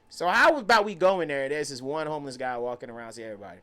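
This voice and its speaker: A young man, a podcast guest, telling a lively story and acting out the people in it. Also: a little high, racing. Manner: lively, acts out quoted voices, laughs often. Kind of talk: animated storytelling.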